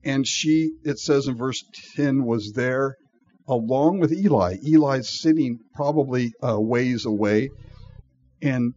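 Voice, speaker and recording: A man's voice: mid-range voice, slow, a little mellow, muffled recording, a little hiss or hum. A man preaching a sermon in a folksy, conversational way, with asides to the congregation. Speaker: pastor.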